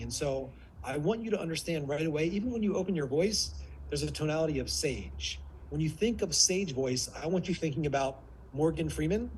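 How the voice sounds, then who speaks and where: A man with a slightly high voice coaches his audience in a live online workshop. He moves between sharp, quick counting and slow, hushed delivery to demonstrate tone. A faint hum of room ambience sits behind him. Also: low-quality recording. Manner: shifts vocal tones to demonstrate, drops to near whisper. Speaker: speaking coach.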